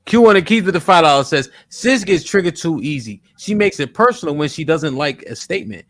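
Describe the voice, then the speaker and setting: A man's voice: on the high side, expressive, fairly quick, a bit bright, no room sound. A man hosting a live-stream talk show, casually reading out donor messages and questioning a caller. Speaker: podcast host. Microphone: studio mic.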